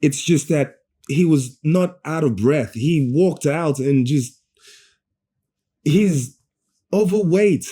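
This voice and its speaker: A man giving a ranting, sarcastic movie review, animated and swearing, often stumbling and restarting mid-sentence. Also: on the high side, takes it slowly, breathy edge. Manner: sarcastic, animated rant with profanity.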